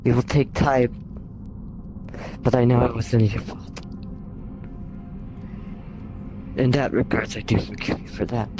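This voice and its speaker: A man playing a humble young knight who is ashamed of his low status, speaking in a halting, earnest and apologetic way. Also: fairly even intonation, background noise, close to an everyday voice. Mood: forgiving. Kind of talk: tabletop role-play in character.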